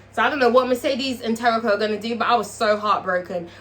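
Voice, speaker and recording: Woman, TV recap vlogger, casual, profane, animated, bright tone, higher pitch. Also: quick pace, hardly any pauses. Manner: profane, animated, chatty, asks viewers questions. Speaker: TV show reviewer.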